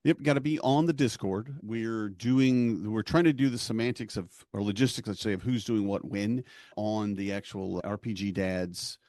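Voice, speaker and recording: A man co-hosting a podcast in casual, rambling chat, often making fun of himself. His voice sits fairly low. The sound is dry and close to the mic. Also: moderate pace, no echo. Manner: relaxed, rambling, self-deprecating. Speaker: podcast co-host and game master.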